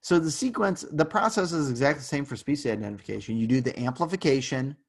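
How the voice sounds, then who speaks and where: A man teaching a university class over a video call, talking loosely with fillers and little jokes. His voice sits at an ordinary middle pitch and he drifts into quick asides. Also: expressive, gravelly. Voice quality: casual, joking, rambling with fillers. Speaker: university lecturer. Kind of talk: online lecture.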